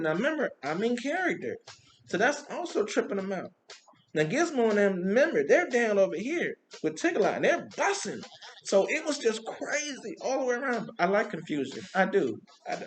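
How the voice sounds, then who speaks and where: A man who works as a street performer, telling animated stories from a parade in a casual monologue, with vocal sound effects. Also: sits high. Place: Compton.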